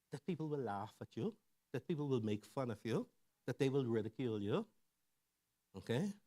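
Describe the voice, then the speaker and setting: A middle-aged man speaks to a congregation in an animated, storytelling sermon style. His voice sits at an average pitch for a man. He keeps the talk conversational and often checks in with his listeners. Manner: animated storyteller who acts out quoted voices. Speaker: church speaker on family and mental health.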